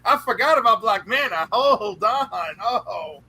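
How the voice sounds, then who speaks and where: Casual co-host, female, teasing and playful, bright voice. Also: a little high, animated, a little slow, a little hiss or hum, rough recording. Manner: playful, flirty about characters. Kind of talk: casual chat.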